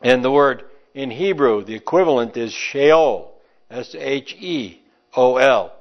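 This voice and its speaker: A man's voice: mid-range voice, lively intonation, slow, highs cut off. A man with a New York accent preaching a sermon and reading scripture aloud, stretching out words for emphasis.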